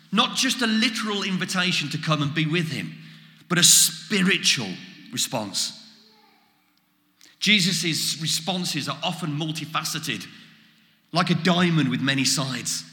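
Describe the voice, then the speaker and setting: Animated preacher in an echoey hall. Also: male voice, mid-range voice, unhurried. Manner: animated, acts out quoted exchanges. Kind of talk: sermon. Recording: echoey hall with long reverb.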